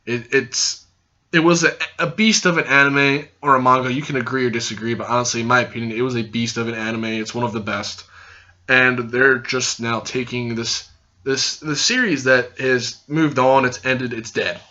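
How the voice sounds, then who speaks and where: Hyper, loud young man with a bright voice. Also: mid-range voice, fairly even intonation, normal speed. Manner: hyper and loud, rambling, swears freely. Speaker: host and reviewer. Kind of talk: casual vlog review. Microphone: camera recording. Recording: dull lo-fi sound.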